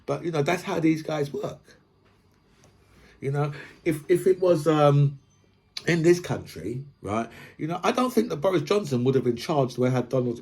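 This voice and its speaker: Husky-voiced podcast host, raised pitch, profane opinion rant. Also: male voice, a little mellow. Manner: swears freely, builds long analogies, repeats "right?".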